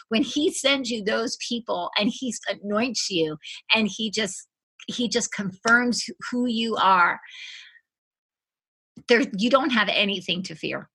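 Fervent bright-voiced woman giving testimony. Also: a little high, unhurried, creaky, slightly rough. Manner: earnest, fervent, repeats phrases. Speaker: guest. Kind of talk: emotional faith testimony in a conversation.

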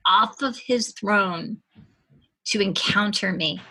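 A woman's voice: mid-range voice, takes it slowly, sharp tone, husky. A woman giving an emotional faith testimony as a guest, earnest and fervent, repeating her phrases for emphasis.

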